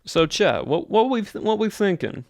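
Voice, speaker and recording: A man's voice: sits high, sing-song, moderate pace, vocal fry, dry recording, clean studio sound, pitched above the performer's own voice, full character voice. A young man doing a put-on Southern US accent as a folksy cowboy, chatting to his stream with a drawl. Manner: folksy drawl, says y'all. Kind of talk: casual livestream chat.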